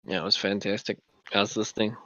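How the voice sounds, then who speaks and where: A man's voice: fairly low pitch, steady tone, fast talker, pushed and bright, no room sound, muffled recording. A man chatting casually on an online voice call, laughing along with the others.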